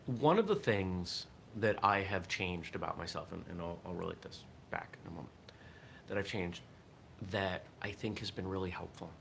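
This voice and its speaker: The martial arts morning show host talks in a low, creaky voice, a bit bright, at normal speed. He thinks aloud reflectively during his casual livestream, with slight background noise in the mix.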